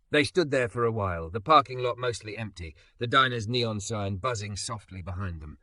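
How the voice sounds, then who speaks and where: Guy narrating a love story, low but bright voice, swoops around a lot. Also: lively intonation, normal speed, few pauses, no echo. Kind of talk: scripted romance narration.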